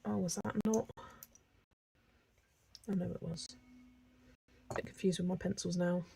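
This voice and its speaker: A woman's voice: fairly low pitch, fairly even intonation, measured pace, gravelly, dark tone, slight background noise. A woman with a Southern British accent, chatting casually and musing over viewer questions while she colours on a livestream. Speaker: livestream host.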